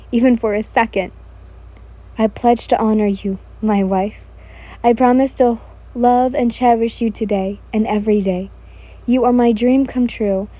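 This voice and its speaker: Woman voicing Rengoku, loud devoted swordsman. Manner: booming, earnest declarations. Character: ardent young male demon slayer, loud and devoted.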